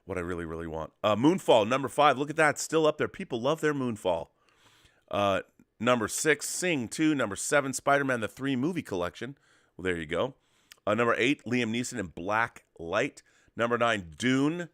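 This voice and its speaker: A man's voice: medium pitch, expressive, normal speed, a bit bright, no room sound, clean studio sound. A man co-hosting a weekly talk show in casual chat, enthusiastic and rambling, with many restarts. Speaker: co-host of a weekly show about physical media. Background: dog at his feet.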